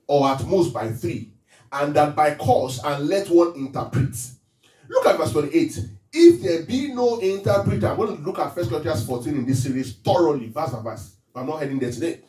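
A man preaching an interactive sermon as pastor. He questions the congregation and reads scripture aloud slowly. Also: on the high side, very animated, dark tone. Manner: call-and-response questions to the congregation. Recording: echoey room, voice from a distance.

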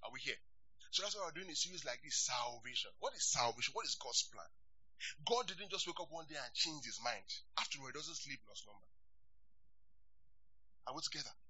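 A man preaching a sermon as pastor, animated and calling for responses from the congregation. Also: medium pitch, a little fast, pauses often, husky, dull audio.

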